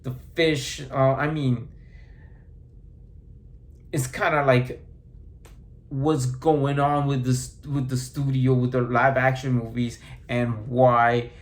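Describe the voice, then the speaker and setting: A man giving a casual movie review, rambling and halting, with frequent restarts and fillers. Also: mid-range voice, little pitch movement.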